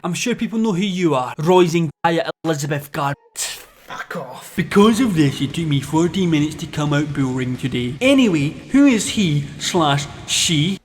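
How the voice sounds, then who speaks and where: A man's voice: a little high, expressive, normal speed, hardly any pauses, a little hiss or hum. A young Scottish man in his twenties doing a sarcastic commentary vlog, swearing and stumbling over restarts. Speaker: YouTuber.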